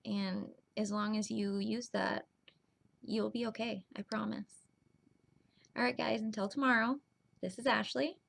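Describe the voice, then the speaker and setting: A young woman vlogging straight to the camera in an earnest, reassuring way, speaking slowly with small restarts. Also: medium pitch, fairly even intonation, creaky. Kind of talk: heartfelt direct-to-camera vlog.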